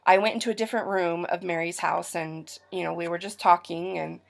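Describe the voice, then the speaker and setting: A woman's voice: lowish voice, fairly even intonation, fairly quick, gravelly. A young woman from Utah telling a personal story to her camera in a chatty, rambling way, full of fillers and restarts. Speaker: vlogger.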